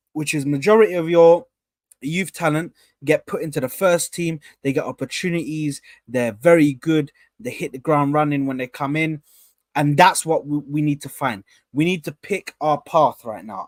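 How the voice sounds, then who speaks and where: A young man hosting a casual live stream, rambling and repeating himself as he gives shout-outs to viewers. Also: fairly high pitch, no echo, clean studio sound.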